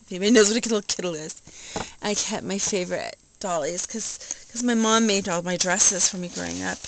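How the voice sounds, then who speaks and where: An older woman talking casually in a rambling, nostalgic way, laughing softly now and then. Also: medium pitch, fairly quick, gravelly, noisy background. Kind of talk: casual home video vlog.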